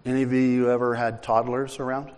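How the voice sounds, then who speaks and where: An older man preaching a sermon in an animated, conversational way, acting out bits of dialogue. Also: mid-range voice, fairly quick, clean tone, in a large hall. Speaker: pastor.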